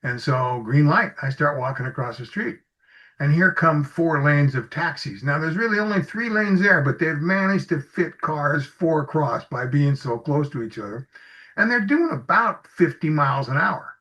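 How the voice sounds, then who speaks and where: A man's voice: on the high side, animated, normal speed, pushed and bright. Storytelling man on a muffled recording. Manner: tells anecdotes, acts out dialogue in stories. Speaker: executive coach guest. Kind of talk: conversational interview storytelling. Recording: slightly muffled audio.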